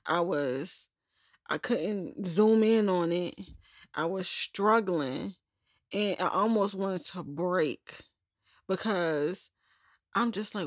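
A woman's voice: medium pitch, takes it slowly, dry recording, clean studio sound. A young adult woman hosting a personal podcast, talking candidly in a rambling, self-correcting way. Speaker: podcast host. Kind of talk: personal journal-style podcast monologue.

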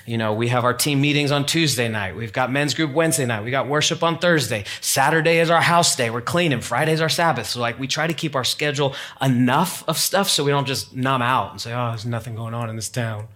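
A man's voice: mid-range voice, a little fast, hardly any pauses, a bit bright. A man preaching a sermon as pastor, talking casually to the congregation and rising to emphatic, heightened moments.

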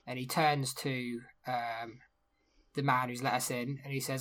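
A player on a tabletop game podcast, playfully describing what their character does. The voice is bright and forceful. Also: mid-range voice, level tone, a little slow.

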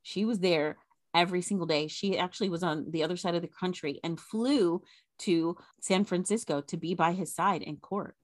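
A woman co-hosting a podcast, telling an old scandal story in a casual, animated way. Her voice sits a little low. The sound is dry and close, with no room echo. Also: normal speed. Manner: animated retelling of a scandal, chatty asides. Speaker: podcast co-host.

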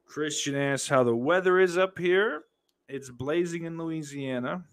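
A man's voice: a little high, a little slow. Man, from the United States, livestream host, casual chat, profane, rambling, lots of fillers. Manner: profane, rambling, with many fillers and mock outbursts.

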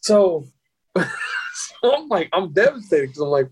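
A man telling a profane, animated story as a guest on a casual podcast, often laughing. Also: sits high, takes it slowly, pauses often, husky.

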